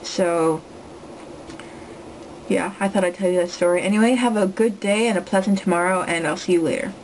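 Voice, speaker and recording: A young woman telling a story to the camera from home, rambling and joking with many quick asides. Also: fairly low pitch, darkish tone, a little hiss or hum, rough recording. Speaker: vlogger.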